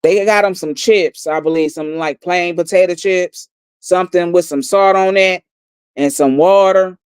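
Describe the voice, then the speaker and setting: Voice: medium pitch, normal speed, smooth, no room sound. A livestream host giving a blunt, profane story recap and repeating lines for emphasis.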